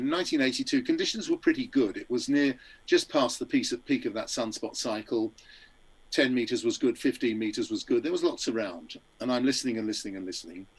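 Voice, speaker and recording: A man's voice: mid-range voice, husky, rough recording. A man in his sixties, a guest who is a journalist and radio amateur, telling a personal story in a rambling, anecdotal way with hesitant fillers, recorded in a studio.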